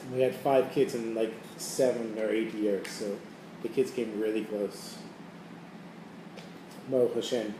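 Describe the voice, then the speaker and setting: A middle-aged man telling stories to a group in a casual, animated way, acting out the voices of the people in them. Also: medium pitch. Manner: casual, animated storyteller who acts out quoted voices. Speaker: teacher leading a holiday preparation class. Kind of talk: storytelling talk to a group. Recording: echoey room, mic at a distance, faint background noise.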